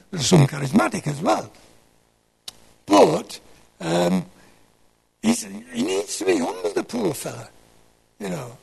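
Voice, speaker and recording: A man's voice: sits high, creaky, husky, rough recording. A man, giving a rambling sermon talk and asking the audience questions as he digresses. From North East England. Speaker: Christian speaker.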